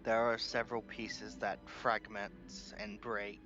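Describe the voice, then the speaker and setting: A man playing a tabletop game, reasoning through rules in an analytical, halting way. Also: lowish voice, level tone, lo-fi sound, music in the background. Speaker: player. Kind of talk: casual game chat.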